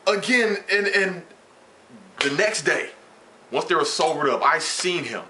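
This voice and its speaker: A man's voice: a little high, a little slow, pauses often, slight background noise. A man vlogging, casually retelling a workplace story with slang and swearing and acting out the dialogue. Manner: animated, slangy, profane retelling with quoted dialogue.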